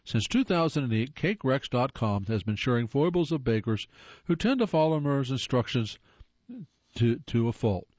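A man's voice: mid-range voice, lively intonation, normal speed, a little mellow, no echo, dull audio. A man giving scripted comedic narration with a wry, playful delivery.

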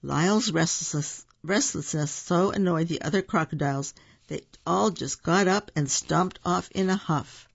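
The audio is lo-fi and dull as a storybook reader works through a picture book in a slow, gravelly, medium-pitched voice. Every so often he stops to add remarks about the artwork.

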